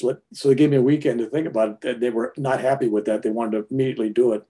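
A man in his seventies telling a personal story in a rambling, animated way, often restarting his sentences. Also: mid-range voice, moderate pace, long pauses. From United States.

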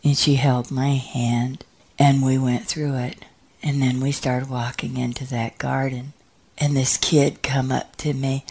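A woman in her fifties telling her story in a low, unhurried voice. She acts out the other people's voices and sometimes drops to a whisper. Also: level tone, darkish tone, husky. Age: 50s. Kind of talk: personal storytelling.

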